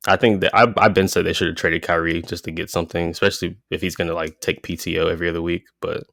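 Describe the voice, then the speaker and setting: Male podcast co-host, deep gravelly voice, dry close recording, easygoing sports banter. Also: little pitch movement, quick pace, a bit bright, no echo. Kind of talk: casual sports chat.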